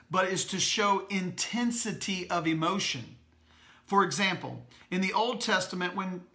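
Slow, bright-voiced pastor reading. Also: male voice, high-pitched. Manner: slow, deliberate reading with asides to listeners. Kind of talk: reading a book aloud to a congregation.

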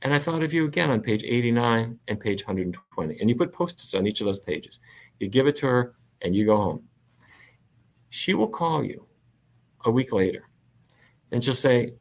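A middle-aged man, a physician guest, telling stories in a relaxed, animated way with frequent laughs. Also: medium pitch, normal speed. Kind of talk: conversational storytelling.

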